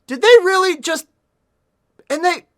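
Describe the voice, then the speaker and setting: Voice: extremely high pitch, unhurried, pushed and bright. A livestreamer reading a novel aloud and mocking it with sarcastic, exasperated commentary, swearing and sighing often. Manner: sighs often between passages. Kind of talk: sarcastic running commentary on a book.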